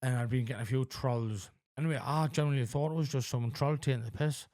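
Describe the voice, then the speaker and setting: Halting, blunt-spoken man in his forties. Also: mid-range voice, darkish tone, dry recording, studio quality. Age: 40s. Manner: halting, heavy fillers, frequent swearing. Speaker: podcast guest in addiction recovery. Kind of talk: candid conversational interview.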